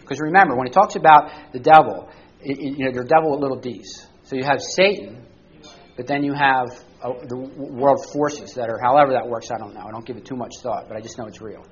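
A man's voice: medium pitch, fairly quick, slightly rough, dull audio. A man teaching a church study class to a group, talking conversationally and often checking in with the listeners by asking them questions. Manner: conversational, asks the group questions, frequent "all right?".

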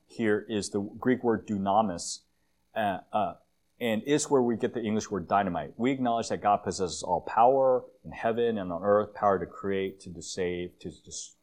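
A man giving a conversational church sermon with slides, a self-described long-winded speaker who often fills pauses and restarts phrases. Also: fairly low pitch, a little mellow. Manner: conversational, with frequent fillers and restarts. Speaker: guest preacher.

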